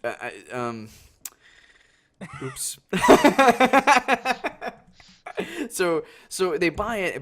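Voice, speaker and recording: A man's voice: medium pitch, fairly bright tone. Young man swearing through an eager story. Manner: enthusiastic, swears casually. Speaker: podcast host. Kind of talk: casual chat over a call. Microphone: video call.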